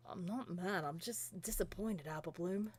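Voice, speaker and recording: A woman voicing a stern older-sister farm pony in a comic read-along, speaking low and calm. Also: moderate pace, breathy edge, no room sound. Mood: disappointed.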